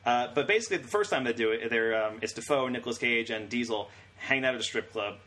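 A young man co-hosts a casual podcast, racing through his retelling of scenes. His pitch sits in an ordinary middle range, and he laughs often as he talks. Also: fairly bright tone. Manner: fast, rambling retelling with frequent laughs. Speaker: podcast co-host. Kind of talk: casual chat.

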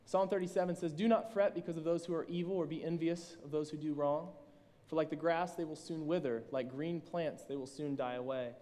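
Mellow-voiced man preaching in a reverberant room. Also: a little high, steady tone. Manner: reads scripture slowly and deliberately. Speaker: lay preacher, a school reading teacher. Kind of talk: sermon with scripture reading. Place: room with an audience. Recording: long reverb from a large room.

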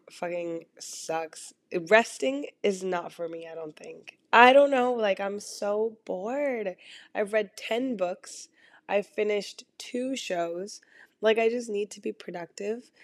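Hoarse young woman rambling casually. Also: medium pitch, dry recording. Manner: rambling, frequent "like" fillers, swears casually. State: hoarse, lost voice from illness. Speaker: podcast host. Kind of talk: casual solo podcast chat. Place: in bed at home.

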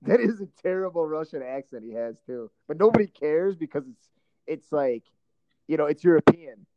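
A man's voice: a little high, animated, normal speed, dry recording, lo-fi sound. A man co-hosting a casual podcast, bantering with jokes and swearing. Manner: joking, profane banter. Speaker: podcast co-host. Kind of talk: casual chat.

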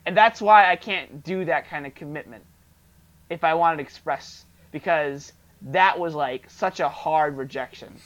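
A man's voice: on the high side, unhurried. A young man co-hosting a podcast, telling a story in casual chat and acting out the dialogue. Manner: animated storyteller, acts out dialogue. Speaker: podcast co-host. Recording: dull lo-fi podcast audio.

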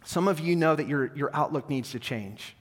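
A male pastor tells a story during a sermon and grows softer and lower as he invites the church to respond. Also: moderate pace. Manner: storytelling, falls soft and low when inviting. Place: church sanctuary. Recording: long hall reverb.

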